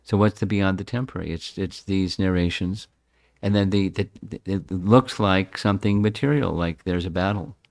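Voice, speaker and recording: A man's voice: deep voice, moderate pace, darkish tone, dry recording, studio quality. A man in his seventies giving a devotional scripture talk in a reflective way, often repeating and restarting words. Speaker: scripture class speaker.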